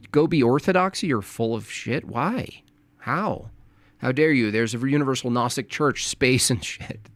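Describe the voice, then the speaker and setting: Forties male streamer, taunting and argumentative, mid pitch, dry close sound. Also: unhurried, no room sound. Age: 40s. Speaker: streamer reacting to clips. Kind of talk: combative live-stream commentary.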